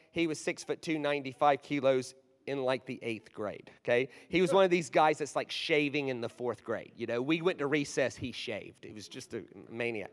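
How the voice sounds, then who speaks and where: A man in his forties preaching a storytelling sermon, animated, moving from hushed asides to loud bursts. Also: medium pitch. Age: 40s. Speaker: guest preacher. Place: large church hall. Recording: long hall reverb.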